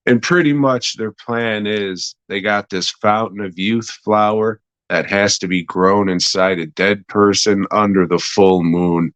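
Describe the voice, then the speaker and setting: Young man, podcast host, low voice, slow drawl, profane casual review. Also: fairly even intonation, a bit bright, clear, resonant tone, no echo, rough recording. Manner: laid-back, meandering, lots of swearing and fillers.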